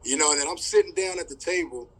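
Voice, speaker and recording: A man in his thirties from California tells a story on a podcast in a casual, storytelling way. His voice sits a little high with a husky grain to it. When he acts out the people in the story, his pitch jumps up sharply. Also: fast talker, sharp tone, poor audio. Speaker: podcast guest, former college running back.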